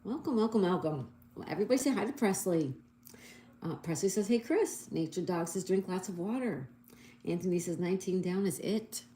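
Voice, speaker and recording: Hosting a chatty livestream, a woman reads viewer comments aloud and greets people cheerfully. Her fairly low, mellow voice is animated and fairly quick, and the recording has an echoey room with faint background noise.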